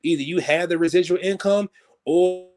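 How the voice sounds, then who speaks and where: A man talking as a guest musician in a casual interview, rambling loosely and peppering his talk with "you know what I'm saying", growing animated when he makes a point. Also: moderate pace. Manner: grows animated and higher when making a point.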